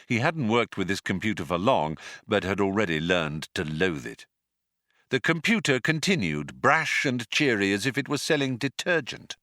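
A man narrates a comic audiobook with a dry, wry touch. His low voice rises and falls widely, bright and forceful in tone. It is close-miked in a dead, dry studio. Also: sing-song, moderate pace, no room sound.

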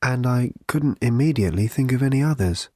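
A man voicing a nervous, bewildered young woman with a low, trembly voice. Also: animated, a little fast, warm tone, dry recording, studio quality. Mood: wondering.

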